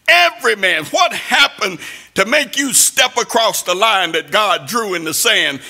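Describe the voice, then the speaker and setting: A man preaching a sermon in a sing-song cadence that rises to shouts. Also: high-pitched, expressive, unhurried, soft background music.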